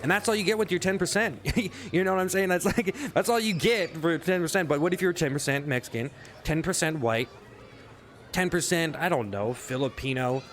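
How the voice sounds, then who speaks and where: A man's voice: a little high, brisk, fairly bright tone. A man ranting in a sarcastic, rambling comedic monologue, swearing often, in a casual vlog. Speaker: vlogger.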